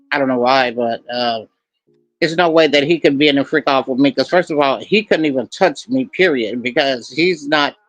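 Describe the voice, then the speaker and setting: A man's voice: on the high side, a bit bright, dry recording, rough recording. Guy hosting a reaction video, scoffing, repeats himself, dead dry audio. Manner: skeptical, scoffing, repetitive. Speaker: commentary host. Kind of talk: reaction commentary.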